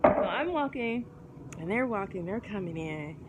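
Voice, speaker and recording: A woman's voice: medium pitch, lively intonation, moderate pace, dull audio, heavy background noise. A woman vlogging in a casual chat to camera, rambling and filling her talk with fillers and restarts.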